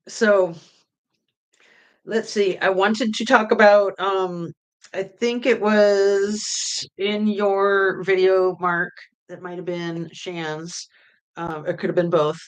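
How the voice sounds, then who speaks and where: A middle-aged woman hosting a true crime livestream, chatting casually with viewers in a rambling way full of fillers. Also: on the low side. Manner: rambling, with many fillers and pauses. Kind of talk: casual livestream chat reading viewer comments.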